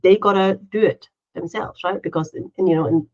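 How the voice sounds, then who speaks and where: A woman's voice: fairly low pitch, fairly even intonation, a little fast, a little mellow, highs cut off. A woman co-hosting a casual podcast chat. She talks in a chatty, running way, tags her sentences with "right?", and acts out her own inner voice in little quotes. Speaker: podcast co-host.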